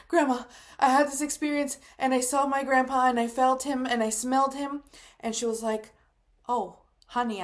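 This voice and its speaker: A woman in her thirties, a psychic medium, telling her personal story to the camera in a casual, emotional way, full of "like" fillers. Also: medium pitch.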